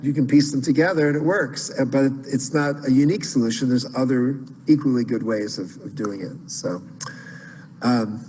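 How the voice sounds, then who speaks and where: A man's voice: medium pitch, normal speed, a little mellow, breathy edge, in a large hall, poor audio. A man teaching Byzantine chant in an online class, explaining casually with many fillers and restarts.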